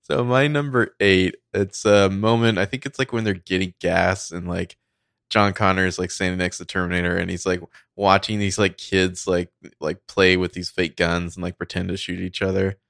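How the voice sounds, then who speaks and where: A man's voice: low-pitched, little pitch movement, normal speed, creaky, a bit bright, no echo, studio quality. A man co-hosting a casual movie podcast, rambling with lots of fillers and swearing. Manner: rambling, filler-heavy, profane. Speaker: podcast co-host.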